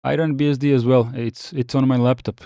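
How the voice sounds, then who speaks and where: A man's voice: mid-range voice, flat delivery, brisk, dark tone, clean tone, no room sound, studio quality. A man from the Balkans hosting a casual live chat, reading viewer comments and answering with many restarts and fillers. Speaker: livestream host reading chat.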